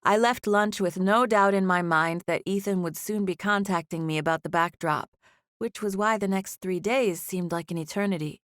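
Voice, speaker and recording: A woman narrating a first-person audiobook in an even, conversational storytelling manner. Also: mid-range voice, normal speed, dry recording, studio quality.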